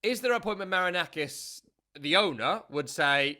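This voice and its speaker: A man's voice: on the high side, animated, moderate pace, bright, forceful tone. A British man co-hosting a casual football chat, rambling and chatty with many fillers. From Britain. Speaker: podcast co-host.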